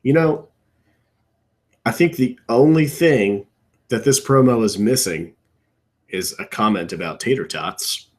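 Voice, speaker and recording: A young man co-hosting a podcast from his computer at home, riffing in casual chat with strong opinions and rambling asides that trail off low. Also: unhurried, long pauses, a little mellow. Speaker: podcast co-host. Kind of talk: casual wrestling riff commentary.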